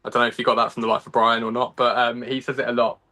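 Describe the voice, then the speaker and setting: Bright-voiced chatty young Englishman. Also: medium pitch, level tone, rapid-fire. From England. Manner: chatty and self-deprecating, laughs often, lots of ums and restarts. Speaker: guest. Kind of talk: casual interview chat. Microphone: video call.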